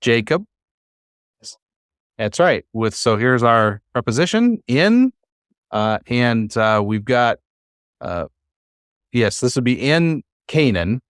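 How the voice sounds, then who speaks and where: A man's voice: mid-range voice, sing-song, takes it slowly, pauses often, clear, resonant tone, dry recording, clean studio sound. A man teaching a class, who explains patiently and coaxes his students to try reading aloud. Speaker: Hebrew teacher.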